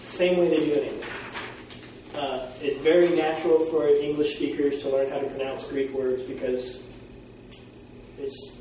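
A man teaching a Greek class, explaining pronunciation and sounding out words slowly. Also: fairly high pitch, flat delivery, mellow. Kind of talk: classroom lecture. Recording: echoey room from far off, faint noise.

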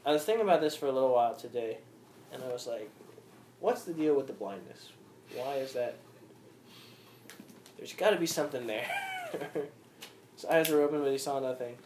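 A man leading an informal Bible study, reading scripture aloud and then explaining it with questions to the group. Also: a little high. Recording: roomy with faint background noise.

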